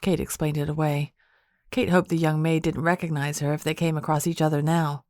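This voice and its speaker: A woman reading an audiobook in even, measured narration. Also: low-pitched, no room sound, studio quality.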